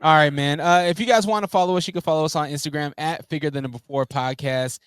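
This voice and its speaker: A man's voice: fairly high pitch, fairly even intonation, quick pace, clean tone, no echo, clean studio sound. A man co-hosting a wrestling podcast, talking animatedly in casual chat, laughing often and using lots of fillers. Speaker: podcast co-host.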